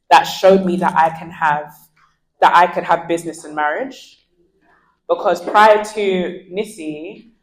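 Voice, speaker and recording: Her voice lowish, a woman in her twenties acts out quoted dialogue as she tells animated stories during a candid interview where she is a guest. The recording is low quality.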